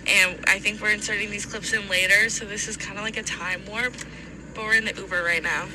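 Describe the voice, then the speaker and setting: A tipsy woman recording a phone voice memo, excitedly hosting on the go. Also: medium pitch, a little fast, noisy background. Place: concert and car. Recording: phone memo at loud concert. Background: loud music and crowd.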